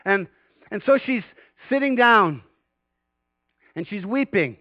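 A man preaching a sermon to a congregation in an animated way, often rising louder and higher in pitch to stress a point. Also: slow, no room sound, muffled recording. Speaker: pastor.

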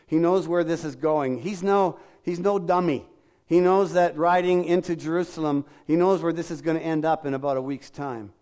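A man's voice: fairly high pitch, fairly even intonation, normal speed, darkish tone. A middle-aged man preaching a sermon in a conversational way, acting out quoted lines and asking the congregation questions. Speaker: pastor.

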